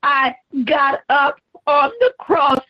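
Brief: a woman preaching as Jesus, a suffering man crying out under the cross, very high voice, slow and drawn out, dull recording. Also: steady tone. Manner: pleading, anguished, crying out. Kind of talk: dramatic sermon portrayal.

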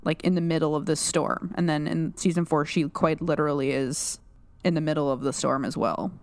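Low-voiced woman analyzing a show. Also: fairly even intonation, brisk, no room sound. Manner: analytical, rambling with many restarts and "like". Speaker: podcast co-host. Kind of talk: casual podcast discussion.

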